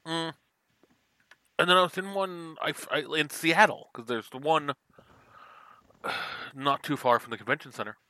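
A man's voice: fairly high pitch, steady tone, normal speed, long pauses, pushed and bright, no room sound. A man from the American West Coast co-hosting a podcast, chatting animatedly with casual swearing and rambling asides. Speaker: podcast co-host. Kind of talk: casual chat.

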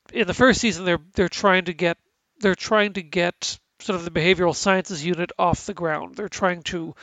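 A man's voice: sits high, fairly bright tone, dry recording, low-quality recording. A man with stuffy sinuses co-hosting a casual chat about TV, rambling with many restarts and fillers. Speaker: podcast co-host.

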